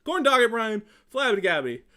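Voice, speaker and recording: A man doing a whiny high-pitched griper. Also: very animated, normal speed, pushed and bright, exaggerated voice. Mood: whiny griping. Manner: whiny, indignant, prim mock-swearing. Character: whiny grown man griping at referees.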